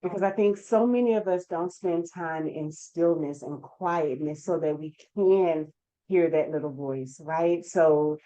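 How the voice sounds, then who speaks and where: A woman's voice: sits low, a little slow, warm tone. A woman hosting an interview show, reflective and summing up her guest's words. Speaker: podcast host, life coach. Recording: dull lo-fi sound.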